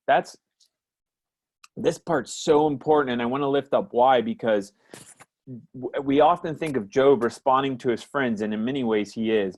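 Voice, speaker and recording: A man teaching a church Bible study class over a video call, reading scripture aloud and explaining it reflectively. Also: medium pitch.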